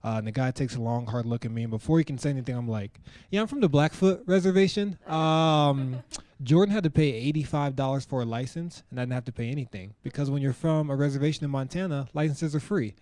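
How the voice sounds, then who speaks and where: A man's voice: mid-range voice, quick pace, darkish tone. A male stand-up comedian talking to a live audience on stage in a conversational style, full of asides like "you know" and "like".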